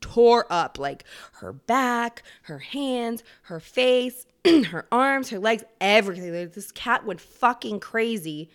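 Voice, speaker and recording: Smooth-voiced woman ranting profanely. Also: a little high, takes it slowly. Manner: profane, animated, laughs often. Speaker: podcast host. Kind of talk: casual comedic rant.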